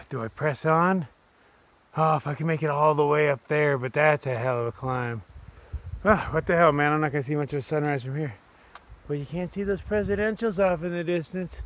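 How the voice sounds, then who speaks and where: With slight background noise, a man with a slightly high voice vlogs his solo thru-hike up a wooded mountain trail. Casual and a bit winded from the ascent, he narrates bluntly, cursing and mocking himself along the way.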